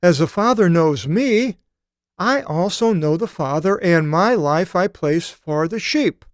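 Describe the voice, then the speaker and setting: A man teaching a Bible study seminar, reading scripture aloud and explaining it, with thoughtful pauses and occasional fillers. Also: high voice, animated, dry recording, studio quality.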